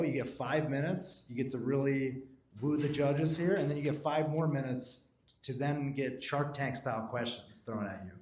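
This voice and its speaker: A man hosts a live startup event in a relaxed, chatty way, full of "um" and "like". His voice comes from a distance in a reverberant room. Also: medium pitch. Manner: casual, chatty, filler-heavy. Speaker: event host. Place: event room at a pitch night. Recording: roomy audio from a distance.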